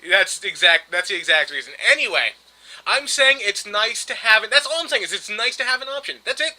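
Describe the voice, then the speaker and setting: A man's voice: sits high, lively intonation, fairly quick, sharp tone. A man co-hosting a casual podcast, exasperated and insistent, repeating his point. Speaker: podcast co-host. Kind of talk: casual argumentative podcast chat.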